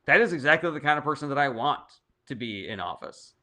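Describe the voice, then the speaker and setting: Blunt, profane young man with a bright voice. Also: mid-range voice, sing-song, quick pace. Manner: blunt, profane and opinionated, reads chat comments aloud. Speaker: livestream host answering chat questions. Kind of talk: casual livestream chat.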